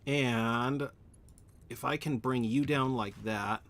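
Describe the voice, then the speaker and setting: Taking things slowly, a man streams a game at home, talking through his thoughts, responding to chat, and often revising what he just said. His voice is medium in pitch and a bit bright.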